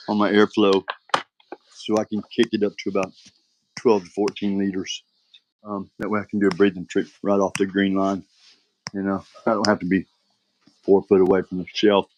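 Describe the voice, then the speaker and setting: A man's voice: fairly low pitch, slight background noise, low-quality recording. An older man talks casually to the camera in a rambling, frustrated way, often tossing in "all right". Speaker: vlogger.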